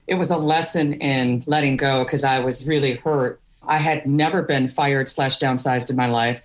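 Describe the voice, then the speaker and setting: A woman's voice: a bass voice, fairly even intonation, moderate pace. A middle-aged woman from Wisconsin, a podcast guest telling candid stories with laughs. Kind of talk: storytelling interview.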